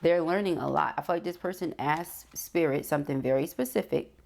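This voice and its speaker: Low and a little mellow with vocal fry, this adult tarot reader talks a bit fast. She addresses her viewer directly, stays affirming, and keeps checking in with "okay?"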